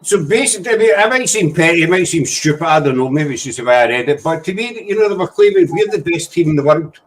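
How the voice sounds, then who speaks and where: A man's voice: fairly high pitch, animated, quick pace, a little hiss or hum, low-quality recording. A man hosting a casual chat, rambling and easily sidetracked. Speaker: host.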